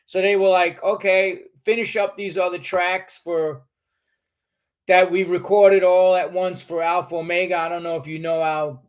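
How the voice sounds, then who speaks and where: Speaking at normal speed over lo-fi sound, a man in his 60s from New York tells a story as a podcast guest in a casual interview. His voice runs high for a man; he's lively and streetwise, swearing freely and voicing what others said.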